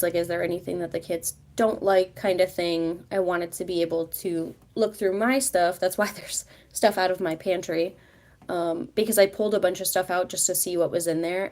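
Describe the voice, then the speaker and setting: A woman's voice: fairly low pitch, a little mellow. A woman vlogger chatting casually on a livestream, rambling with many fillers and restarts. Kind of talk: casual live chat.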